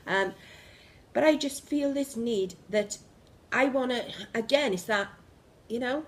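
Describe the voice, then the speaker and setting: A woman giving an energetic, emphatic spiritual pep talk to camera, repeating phrases for emphasis. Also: a little high, measured pace. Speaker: spiritual vlogger. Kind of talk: impassioned motivational monologue.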